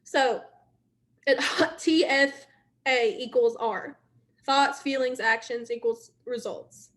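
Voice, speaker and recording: Young woman, high voice, casual live-stream pep talk to her team, chatty and repetitive. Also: fairly even intonation, slow. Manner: chatty and repetitive, addressing viewers directly. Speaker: team leader speaking to her sales team.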